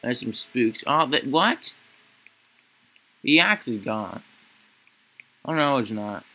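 A man's voice: medium pitch, big pitch swings, takes it slowly, sharp tone. A young man giving casual, rambling commentary while playing a horror game, joking and acting spooked as he talks to himself. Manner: rambling, jokey, mock-scared talk to himself. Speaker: gaming channel host.

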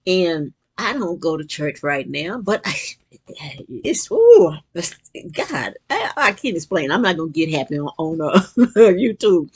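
An older woman talking casually about faith and joy in an earnest, rambling way, often restarting her sentences and breaking into bursts of excitement. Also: on the low side, normal speed, husky. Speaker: vlogger reading and reflecting on quotes. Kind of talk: casual spiritual reflection.

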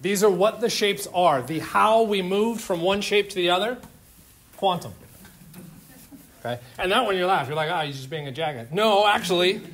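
Male chemistry instructor, slightly high voice, informal and jokey, quizzes the room as he lectures. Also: fairly bright tone. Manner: informal, joking, questions to students. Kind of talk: classroom lecture. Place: lecture classroom.

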